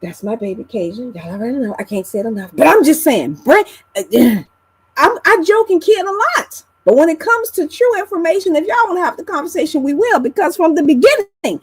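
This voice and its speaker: On a live online panel, a woman chats casually, teasing and blunt with some swearing, her voice animated and swinging widely in pitch. The recording is rough, with no room sound.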